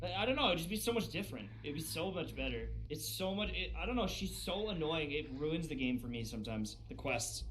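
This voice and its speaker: A young woman casually streaming a video game live, teasing, swearing and bursting into theatrical shouts. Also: deep voice, very animated, fairly quick, hardly any pauses. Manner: playful, crude, theatrical outbursts. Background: game music.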